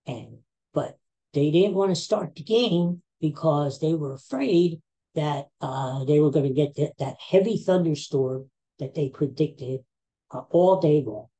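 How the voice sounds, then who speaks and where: A man's voice: fairly high pitch, a little slow, warm tone. A man in his sixties with a Philadelphia accent, hosting a podcast as a casual chat and telling rambling stories with self-mocking asides. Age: 60s. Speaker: podcast host.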